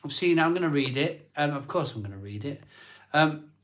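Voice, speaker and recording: A man in his forties hosting a live stream, talking slowly and emotionally with many ums and restarts. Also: a little high, expressive, fairly bright tone, slight background noise. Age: 40s. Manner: slow, halting, full of ums and restarts. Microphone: phone.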